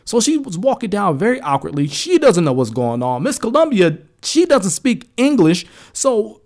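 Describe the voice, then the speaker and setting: Speaking at a moderate pace, a sports podcast co-host from the United States casually recounts an event. His voice climbs high and turns animated as the story draws him in.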